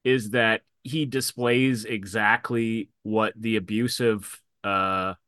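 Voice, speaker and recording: A man's voice: lowish voice, steady tone, takes it slowly, a bit bright, no echo, studio quality. A man talking frankly in a casual film discussion, swearing freely and retelling scenes. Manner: retells scenes with quoted voices.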